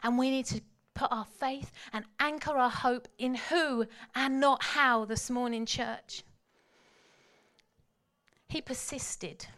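Woman, preacher, high-pitched, dramatic, hushed to shouting. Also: fairly even intonation, slow. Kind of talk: sermon.

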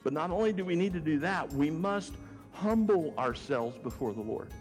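A man's voice: on the high side, expressive, normal speed, a little mellow, faint music behind. A man preaching a sermon, stressing his points by repeating phrases. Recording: long hall reverb with faint noise.

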